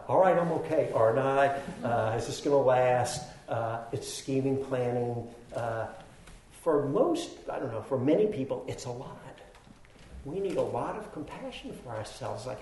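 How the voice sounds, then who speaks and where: A man's voice: mid-range voice, warm tone, roomy sound, slight background noise, rough recording. A man giving a dharma talk, telling a self-deprecating personal story with laughs and then teaching. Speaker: meditation teacher.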